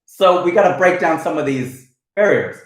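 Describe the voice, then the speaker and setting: A man's voice: on the high side, normal speed, heavy reverb, poor audio. A man from Ohio hosting a comedy livestream, arguing animatedly and answering chat comments. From United States, Ohio. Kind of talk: casual livestream rant.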